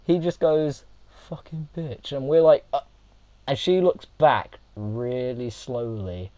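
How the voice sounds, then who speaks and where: A man's voice: medium pitch, slow, no echo, low-quality recording. Young man telling a wild story. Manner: animated, laughing, acts out quotes. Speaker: vlogger. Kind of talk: casual storytelling.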